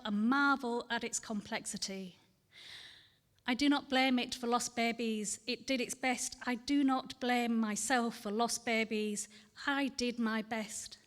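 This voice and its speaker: A woman gives a poetry reading at a festival event, her voice sitting fairly high. She speaks candidly and earnestly, with a measured reading cadence. A long hall reverb trails behind every phrase. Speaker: poet. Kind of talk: poetry reading with personal talk.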